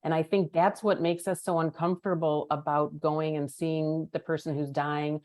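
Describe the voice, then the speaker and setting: Female podcast host, very low pitch, reflective and measured. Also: flat delivery, darkish tone. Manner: thoughtful, reflective. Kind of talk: podcast conversation.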